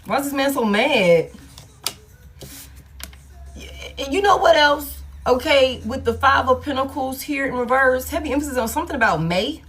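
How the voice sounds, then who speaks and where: A woman's voice: high-pitched, animated, normal speed, pauses often, fairly bright tone. Blunt, profane woman doing a tarot reading. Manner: casual, blunt and profane, thinking aloud. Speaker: tarot reader. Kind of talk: collective love tarot reading.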